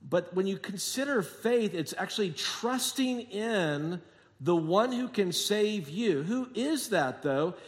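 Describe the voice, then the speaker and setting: A man preaching a sermon as pastor, telling jokey stories and acting out quotes, moving between quiet asides and emphatic points. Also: high voice, animated, takes it slowly. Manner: jokey, sarcastic storytelling with acted-out quotes. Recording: long hall reverb.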